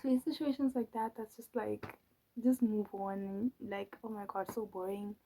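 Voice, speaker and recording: A woman's voice: mid-range voice, fairly even intonation, normal speed, warm tone, poor audio. A young woman telling a story in a casual, drawling way, mocking and exasperated, her voice often trailing into whispers. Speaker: channel host.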